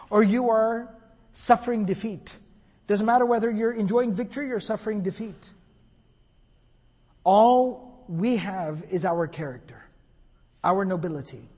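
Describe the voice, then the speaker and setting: Husky high-voiced man giving a sermon. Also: a little mellow, big-room sound. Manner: retells dialogue, switches between Arabic and English. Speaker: preacher. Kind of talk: sermon storytelling.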